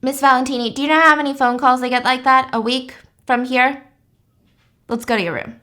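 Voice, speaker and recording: A woman voicing a weary nurse who is dismissive and flat. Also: sits high, a little fast.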